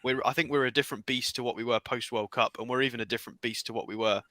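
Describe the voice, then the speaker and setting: Man, football chat co-host, quick and emphatic, bright dry voice. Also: medium pitch, steady tone, no echo. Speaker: podcast co-host.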